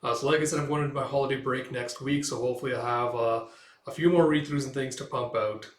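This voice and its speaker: A man's voice: mid-range voice, steady tone, quick pace. A man hosting a casual comic read-through, talking in a laid-back way with many filler "uh"s. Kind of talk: casual read-aloud commentary. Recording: echoey room.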